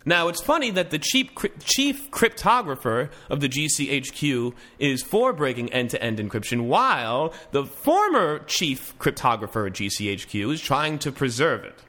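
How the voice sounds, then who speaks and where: A man hosts a casual news commentary podcast, his voice bright and slightly high. He reads articles aloud in a lively, swooping delivery, breaking off for wry asides and stumbling restarts. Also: normal speed, hardly any pauses. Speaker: podcast host.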